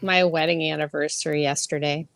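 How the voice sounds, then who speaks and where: A woman's voice: deep voice, steady tone, brisk, vocal fry, no echo. Playful woman co-hosting a podcast. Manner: playful, teasing, laughs often. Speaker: podcast co-host. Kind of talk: casual chat.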